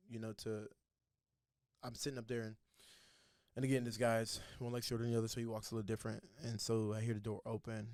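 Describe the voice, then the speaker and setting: A man's voice: on the low side, creaky, a little mellow, no room sound, clean studio sound. A young man, a podcast guest, telling his faith story in a casual, earnest way and acting out the voices of the people in it.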